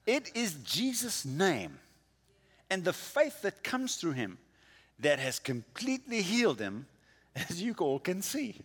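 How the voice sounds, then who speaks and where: A man preaching a sermon, with a dramatic delivery that swings from quiet to loud. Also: high voice, wildly swooping pitch, a little slow, slightly rough, big-room sound. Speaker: pastor.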